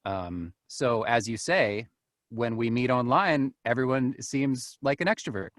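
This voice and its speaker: Brief: man, casual guest on a call, relaxed, quick to laugh, dry sound. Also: mid-range voice, dry recording. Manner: easygoing, laughs often, frequent "you know". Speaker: guest, narrator and group admin. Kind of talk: casual interview chat.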